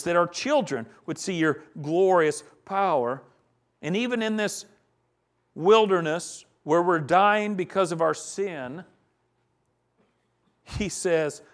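Between points, a pastor chuckles softly as he preaches earnestly on a psalm, swelling toward emphatic peaks. His male voice sits high.

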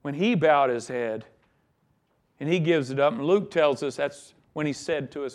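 A man's voice: fairly high pitch, normal speed. A man preaching a sermon, emphatic, with his voice rising and dropping in volume. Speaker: pastor.

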